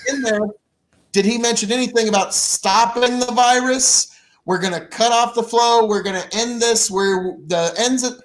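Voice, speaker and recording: A man co-hosting a casual podcast chat, with a voice that sits notably high for a man. He talks in animated, jokey bursts. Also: moderate pace. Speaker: podcast co-host.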